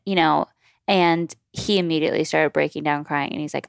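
A woman's voice: deep voice, fairly even intonation, a little fast, vocal fry, smooth, no room sound, studio quality. Candid woman telling a personal story. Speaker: podcast guest. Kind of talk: casual chat. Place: home.

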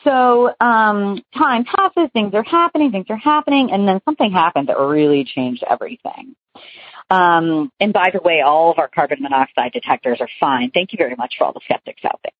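A woman's voice: on the low side, normal speed, husky, no echo. A young adult woman calling in to tell a ghost story, chatty and rambling with many fillers, over a phone line. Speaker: caller telling a ghost story.

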